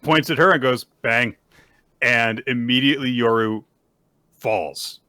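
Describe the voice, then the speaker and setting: A man with a bright, forward voice recaps a story for his co-host in casual chat, leaping into little acted-out quotes along the way. The sound is dry and close, with no room around it. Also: medium pitch, normal speed, no room sound. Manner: animated storyteller, acts out quotes in bursts. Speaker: podcast co-host.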